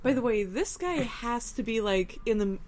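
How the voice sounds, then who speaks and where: A slightly high-voiced woman riffing on a film with friends. She jokes, laughs often and throws in quick asides, in an easy, casual chat. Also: lively intonation, a little mellow. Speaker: podcast co-host. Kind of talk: casual movie discussion.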